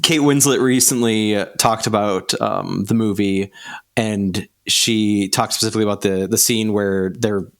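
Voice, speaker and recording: Casting: lowish male podcast host, relaxed storyteller, very dry sound. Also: moderate pace, no room sound. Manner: relaxed storyteller, laughs often. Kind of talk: casual film discussion.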